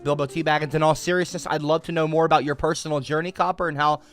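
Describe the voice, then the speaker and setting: A woman's voice: low-pitched, steady tone, fast, no echo, faint music behind. A woman livestreamer reading donation messages in casual chat, swinging from dry muttering to shrieking outbursts.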